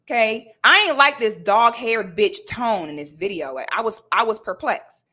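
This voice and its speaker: A woman's voice: a little high, moderate pace, sharp tone. Sassy woman ranting at the camera. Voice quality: sassy, repetitive "okay?" tag questions. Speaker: vlogger. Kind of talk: confrontational casual rant to camera.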